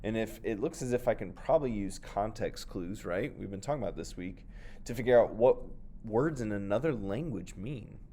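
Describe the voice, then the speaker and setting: A man's voice: on the low side, expressive, moderate pace, mellow. A man teaching a class, reading a play aloud and thinking aloud about the text.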